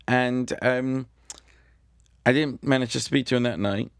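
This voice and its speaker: British male comedian guest, gravelly voice, dry close sound, deadpan storyteller. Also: medium pitch, unhurried, no room sound. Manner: dry, self-deprecating storyteller. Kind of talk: casual anecdote telling.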